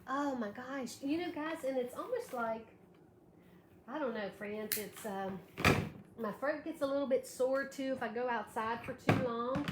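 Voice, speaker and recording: Unhurried and high-pitched, a slightly tired woman with allergies runs a live craft tutorial, demonstrating while thanking viewers by name. The space around her echoes, and some faint noise sits in the background.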